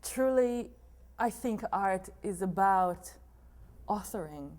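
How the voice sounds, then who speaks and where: A woman from Israel, a dance teacher, speaking in a documentary interview, thoughtful and quick to laugh. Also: mid-range voice, lively intonation, a little mellow. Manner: slow, thoughtful, laughing often.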